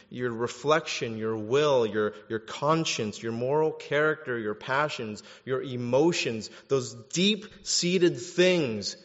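A man preaching a sermon as pastor, animated and jokey, swinging from quiet asides to loud bursts. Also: mid-range voice. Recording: dull sound in a reverberant hall.

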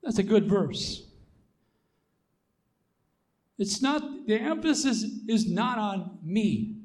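A man preaching a sermon, emphatic and repetitive, swelling to loud declarations and dropping to soft asides. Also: sits high, sing-song, slow.

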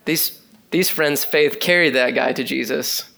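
A man preaching a sermon in a conversational, animated way, reading scripture and talking to the congregation with many casual fillers. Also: medium pitch, measured pace, gravelly.

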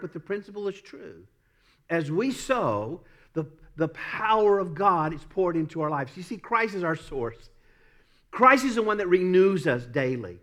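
A man's voice: sits high, animated, normal speed, fairly bright tone. A man with a Southern US accent preaching a sermon as pastor, earnest and repetitive, breaking into little self-deprecating laughs.

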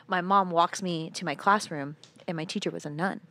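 A young adult woman co-hosting a podcast from a couch, telling stories in a lively, laughing way and acting out the voices of people in them. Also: lowish voice, moderate pace, dry recording. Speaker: podcast co-host. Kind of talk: casual chat, animated storytelling.

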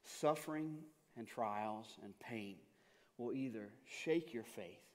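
A man preaching a sermon as a pastor, earnest and often stammering, moving between loud pleading passages and hushed, reflective ones. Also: medium pitch, takes it slowly. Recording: long hall reverb.

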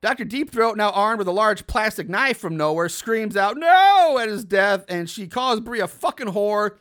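A man's voice: high-pitched, moderate pace, pushed and bright. A young man casually recapping a film's plot as a podcast host, swearing and adding incredulous asides with laughs.

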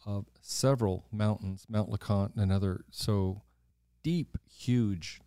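Gushing low-voiced male podcast host. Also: takes it slowly, clear, resonant tone, no room sound, studio quality. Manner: animated storyteller, gushing. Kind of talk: casual chat.

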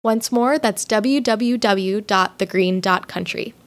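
A woman reads a scripted closing announcement for a story podcast. Her delivery is friendly and clear at an everyday pitch. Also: takes it slowly. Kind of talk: scripted promotional outro.

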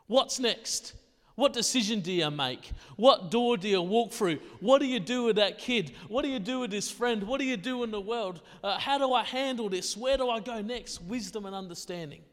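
Male pastor with a high voice, conversational sermon full of rhetorical questions, recorded in a hall with long reverb. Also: moderate pace, fairly bright tone.

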